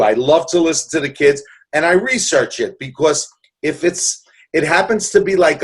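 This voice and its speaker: A New York City man in his sixties tells stories in a casual interview, earnest and joking, rambling with many restarts. He's the guest, and his voice is on the high side with a breathy edge.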